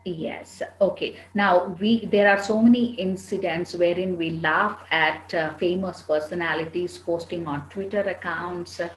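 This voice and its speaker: This woman, a soft skills trainer, speaks with an Indian English accent as she fields student questions during a lecture, sounding firm and instructive. Her pitch is fairly low, her tone steady, and she talks unhurriedly with few pauses. The room gives a roomy echo, and faint noise sits in the background.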